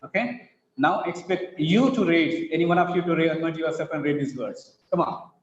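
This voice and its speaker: Male Indian English teacher, high-pitched and unhurried, heard over an echoey, muffled video call. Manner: slow, emphatic, repeats words to model stress. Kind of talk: online class lecture.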